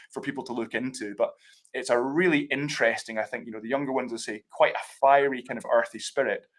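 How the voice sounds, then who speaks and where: A Scottish man talking through a live tasting on a video call, enthusiastic and explanatory, with plenty of chatty fillers. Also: mid-range voice. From Scotland. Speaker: whisky brand ambassador.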